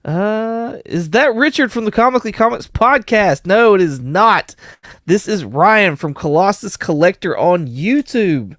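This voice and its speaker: A man's voice: high voice, lively intonation, measured pace, fairly bright tone, dry recording, clean studio sound. A man hosting a casual livestream, greeting chatters by name and laughing often. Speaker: livestream host.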